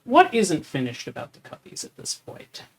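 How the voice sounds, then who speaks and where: A player in a tabletop game, deliberate and playful in how they talk. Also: medium pitch, huge pitch swings, a little hiss or hum. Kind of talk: casual tabletop play.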